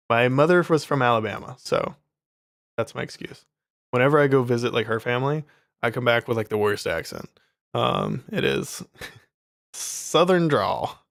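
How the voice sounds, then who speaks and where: A man's voice: mid-range voice, creaky, no room sound, clean studio sound. Chatty man rambling on a livestream. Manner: rambling, laughs often, many fillers. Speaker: streamer selling his course. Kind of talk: casual livestream chat.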